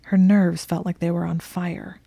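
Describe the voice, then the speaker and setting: A woman narrates a romance story in whispered role-play, hushed and breathy. Her low, flat voice carries a gravelly fry, dark and mellow, recorded close and dry. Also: measured pace, no room sound.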